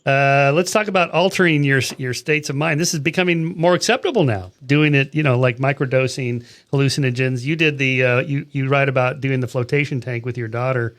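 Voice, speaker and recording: A man's voice: mid-range voice, fairly even intonation, a little fast, few pauses, a bit bright. A man in his sixties hosting a podcast, chatting casually and cutting in on himself in a conversational interview. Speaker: podcast host.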